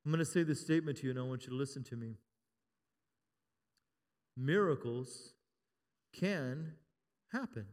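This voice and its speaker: Speaking rapid-fire with few pauses, a pastor in his fifties preaches in church with a medium-pitched voice and a darkish, clean tone. He jokes with his congregation and climbs to emphatic calls, all within long hall reverb.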